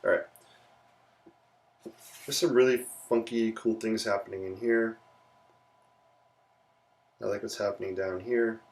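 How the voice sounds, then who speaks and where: A man's voice: on the low side, unhurried, pauses often, recorded from a distance. A man hosting a live sketching and painting stream, talking casually and playfully to viewers as he works. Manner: relaxed, chatty, playful asides. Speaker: livestream art host.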